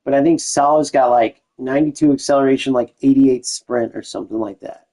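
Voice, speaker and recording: A man's voice: medium pitch, fairly quick, mellow, rough recording. Chatty young man streaming a game. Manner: chatty, loose, with restarts and slang like "dude". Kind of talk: casual gameplay commentary to live chat.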